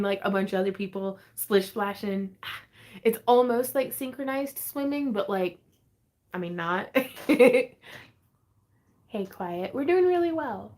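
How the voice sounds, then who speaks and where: A woman's voice: medium pitch, big pitch swings. A woman hosting a casual craft livestream from home, chatting, laughing easily and reading out viewer comments as she answers them. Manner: chatty, rambling, quick to laugh.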